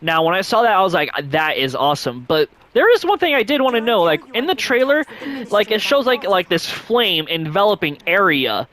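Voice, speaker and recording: Rambling, high-voiced gaming vlogger man. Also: very animated, brisk, a bit bright. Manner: rambling, many fillers, sudden upward pitch jumps. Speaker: gaming channel host. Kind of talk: casual vlog chat.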